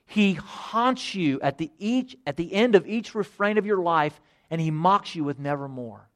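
A middle-aged man preaching a sermon, earnest, repeating phrases and moving between loud emphasis and hushed quiet. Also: high-pitched, lively intonation, normal speed. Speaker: pastor.

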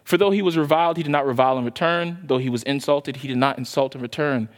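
Man preaching in a reverberant hall. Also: medium pitch. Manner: impassioned preaching, then soft slow prayer. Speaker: pastor. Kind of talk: sermon and closing prayer.

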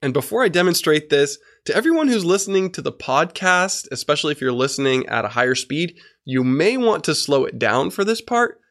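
A man's voice: a little high, big pitch swings, a little fast, hardly any pauses, fairly bright tone. A man hosting an instructional podcast, explaining listening skills and demonstrating changes in his volume and speed. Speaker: podcast host and coach.

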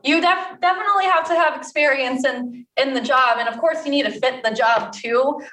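High-voiced young woman telling a story. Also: a little fast, a bit bright. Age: young adult. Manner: laughing often, chatty with fillers. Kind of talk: casual storytelling. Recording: echoey room from a distance.

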